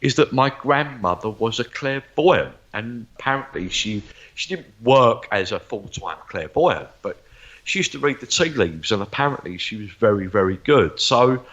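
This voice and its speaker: A man's voice: medium pitch, lively intonation, moderate pace, fairly bright tone, dull audio. A man, a psychic medium, telling stories from his life in an interview, rambling and repeating words as he goes. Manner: rambling, repeats words, acts out remembered dialogue. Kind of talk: interview storytelling.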